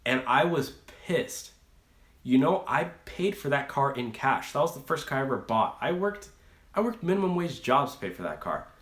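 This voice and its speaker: A man's voice: mid-range voice, very animated, normal speed, fairly bright tone. A young man hosting a rideshare channel, chatting casually on a live stream and rambling through a story with many fillers and restarts. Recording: echoey room.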